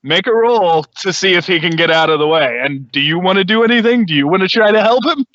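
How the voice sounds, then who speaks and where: Lively bright-voiced man running a game. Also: high voice, fast talker, dry recording. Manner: playful, laughing narration. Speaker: game master. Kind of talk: narrating a tabletop game. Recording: dull lo-fi dry recording.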